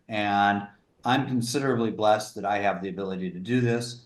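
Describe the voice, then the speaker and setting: A man's voice: on the low side, steady tone. Earnest man in his sixties, echoey. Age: 60s. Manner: earnest, sober, halting. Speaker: guest. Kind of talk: interview conversation. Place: remote room in a small town.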